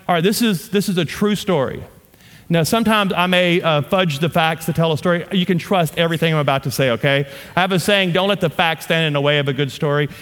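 Preacher guy from louisiana, kinda high voice, cracking jokes to the crowd, long echo off a big hall. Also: quick pace, a bit bright. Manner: humorous storytelling, playful asides to the audience. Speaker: pastor. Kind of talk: sermon. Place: church auditorium. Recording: long reverb of a large hall.

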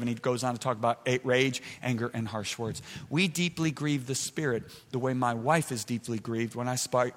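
A man preaching a sermon, emphatic, moving between loud shouted points and soft, close asides. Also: medium pitch. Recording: preached in a large reverberant hall.

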